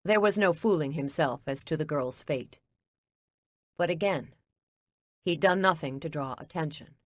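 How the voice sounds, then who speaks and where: A woman reads an audiobook in a lowish, measured voice. Her delivery is steady and even, recorded close on a dry studio mic with no room sound. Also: no echo. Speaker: audiobook narrator. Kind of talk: scripted audiobook narration.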